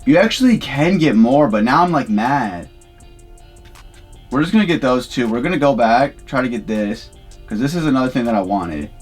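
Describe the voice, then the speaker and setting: Man, casual vlogger commentary, exasperated and disbelieving, mid-pitched voice, faint music bed. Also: expressive, moderate pace, husky. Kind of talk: casual live-shopping commentary. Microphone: camera-mounted shotgun mic. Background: background music.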